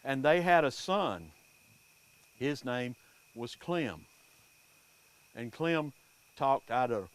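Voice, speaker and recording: A man telling folk tales and superstitions to a live audience in an unhurried, animated way. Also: mid-range voice, clear, resonant tone. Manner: unhurried, animated, folksy delivery. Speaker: storyteller.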